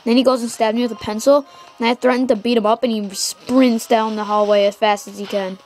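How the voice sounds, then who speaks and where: Teen girl, let's-play host, a bit high-pitched, chatty and excitable, faint game music behind. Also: fairly quick. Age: teenager. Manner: excitable, rambling, trash-talks the game. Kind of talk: gameplay commentary. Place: home.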